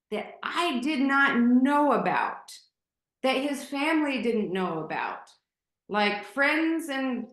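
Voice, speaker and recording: A woman's voice: mid-range voice, fairly bright tone. A woman guest telling a personal story candidly and emotionally, with many fillers and restarts. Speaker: podcast guest. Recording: roomy echo.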